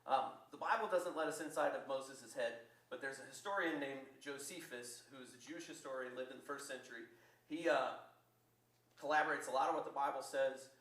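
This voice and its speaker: A man preaching a sermon as pastor, telling the story in a lively way and acting out the quotes. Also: mid-range voice, fairly quick. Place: church. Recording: echoey church from far off.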